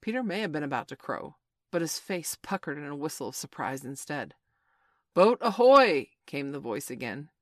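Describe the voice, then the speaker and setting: A woman reading a children's classic aloud as narrator, steady and expressive. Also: sits low, no room sound, studio quality.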